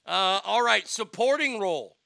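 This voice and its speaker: A man's voice: high-pitched, lively intonation, moderate pace, creaky, sharp tone, no echo. A man hosting a casual podcast chat, brash, joking and profane. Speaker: host.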